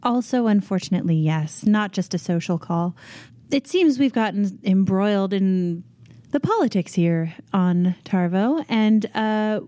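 A woman's voice: medium pitch, measured pace, warm tone, no echo. Poised woman playing her character. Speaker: player. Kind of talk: in-character tabletop role-play.

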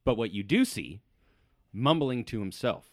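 A man acting as game master, narrating a tabletop game in a relaxed, descriptive way. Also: medium pitch, normal speed, no echo, clean studio sound. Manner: descriptive, relaxed, occasional fillers.

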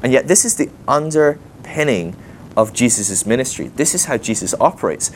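A man preaching to a live group in a conversational sermon, animated and chatty, with frequent asides and rhetorical questions. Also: mid-range voice, normal speed, a little hiss or hum. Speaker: guest preacher. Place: teaching session before a live group.

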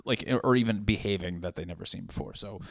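A young stand-up comedian with a lowish, gravelly voice talks fast through a casual monologue about his life, swearing freely and mocking himself. He drifts into asides and leaves thoughts unfinished. The recording is dry and close, with no echo.

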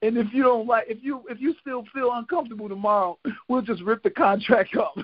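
On dull lo-fi podcast audio, a high-voiced Philadelphia, USA, man speaks a little fast while telling stories. He's a retired boxer guesting in a casual interview, animated, quick to laugh, and fond of acting out quotes.

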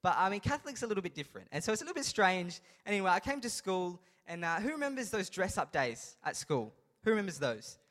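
A young man preaching to a youth group, his voice sitting high and carrying through a reverberant hall. He tells his story with lively energy and then pushes into emphatic, rallying points. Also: quick pace, few pauses. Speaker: youth pastor. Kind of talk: sermon.

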